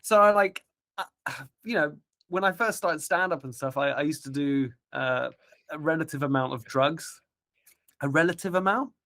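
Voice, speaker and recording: A man's voice: on the high side, moderate pace, a bit bright. A man with a British accent, chatting as a podcast guest comedian, self-mocking and laughing often. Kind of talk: casual podcast chat.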